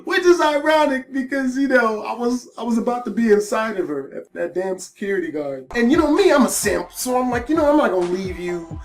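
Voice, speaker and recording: A man's voice: extremely high pitch, animated, brisk, hardly any pauses, soft background music. A man telling a wild personal story in casual, profane storytime style, full of slang fillers. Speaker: storytime YouTuber.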